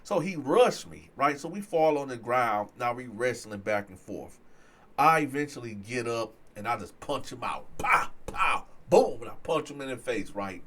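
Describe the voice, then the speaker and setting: Dude telling a wild story to the camera, animated, jumps loud when it gets tense. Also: male voice, moderate pace. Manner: animated, swings loud and high when excited. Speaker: storyteller host. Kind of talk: casual storytelling to viewers.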